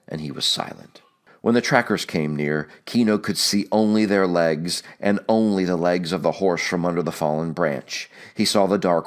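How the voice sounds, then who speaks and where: A man reading a novel aloud as an audiobook narrator, measured and steady. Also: low-pitched.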